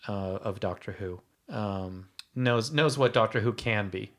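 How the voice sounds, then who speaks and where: A man with a lowish voice chatting on a podcast. He thinks aloud, pausing with fillers as he weighs his view. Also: fairly bright tone. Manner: thoughtful, hesitant with fillers. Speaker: podcast co-host. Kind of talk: casual chat.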